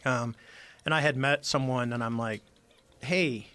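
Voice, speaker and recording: A man's voice: medium pitch, fairly even intonation, a little slow, pushed and bright. A middle-aged man, a former Navy squadron commander, telling a story as a podcast guest and acting out the dialogue as he goes. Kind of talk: casual storytelling interview.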